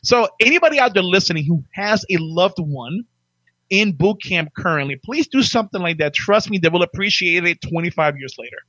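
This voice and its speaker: A man in his forties telling stories in a casual chat, animated, barking out impressions of drill instructors. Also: sits high, a little fast, no room sound, highs cut off. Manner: animated, acts out drill instructors in loud barks. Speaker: podcast guest telling his life story.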